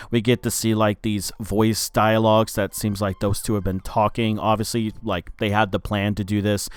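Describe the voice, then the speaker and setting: A man with a smooth, mid-range voice and no echo loosely recaps a movie's plot for his review channel. His casual spoken review is peppered with profanity and plenty of filler words.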